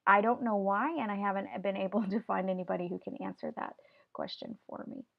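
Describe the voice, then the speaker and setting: A woman's voice: medium pitch, fairly even intonation, fairly quick, gravelly, narrow, tinny audio. Patient woman teaching Spanish words. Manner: patient, explains step by step. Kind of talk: classroom video lesson.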